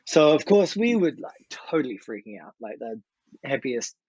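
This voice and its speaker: A man in his fifties with a New Zealand accent, telling a story as a podcast guest in an animated way and acting out what people said. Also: medium pitch, moderate pace, breathy edge, no room sound, muffled recording. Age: 50s. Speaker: guest musician. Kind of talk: casual storytelling.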